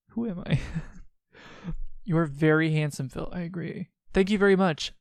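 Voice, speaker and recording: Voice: medium pitch, normal speed, creaky, pauses often, no room sound. A let's play host giving casual commentary, chatty, with frequent laughs and sarcastic asides.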